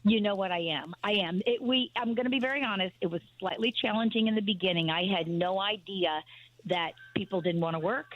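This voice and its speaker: A woman's voice: medium pitch, a little fast. A woman in her sixties, a shop-owner guest chatting on the radio, telling stories and acting out what people said. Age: 60s. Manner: lively storyteller, acts out quoted dialogue. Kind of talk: casual radio chat. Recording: dull lo-fi radio broadcast.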